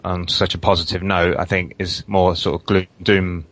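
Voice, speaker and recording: A man, a guest on a football podcast over an online call, speaking in a measured, hedging way full of fillers. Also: low-pitched, little pitch movement, fairly bright tone, no echo, rough recording. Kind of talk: casual football chat.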